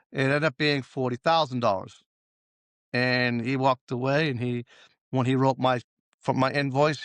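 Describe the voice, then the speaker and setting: A man's voice: mid-range voice, a bit bright, no echo. Male guest, consultant type, chatty storyteller voice, dry studio. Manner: storytelling, acts out quoted dialogue. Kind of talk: casual interview talk.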